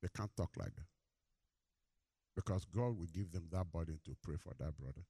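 A man's voice: moderate pace, slightly rough, no echo. A male pastor preaching a sermon. He has the congregation finish verse lines and tells stories with rising energy. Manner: animated storytelling, climbs high and loud in anecdotes.

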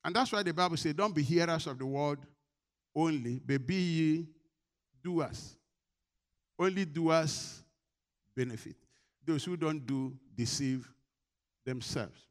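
A man with a fairly high voice preaches slowly, leaving long pauses. He asks the congregation questions and answers them, his volume swinging between loud and quiet.

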